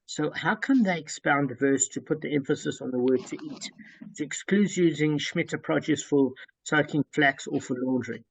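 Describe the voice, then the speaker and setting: Gravelly man leading a Talmud study. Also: on the high side, normal speed, slight background noise, low-quality recording. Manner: methodical, restates points with many fillers. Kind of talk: explaining a Talmud text to a study group.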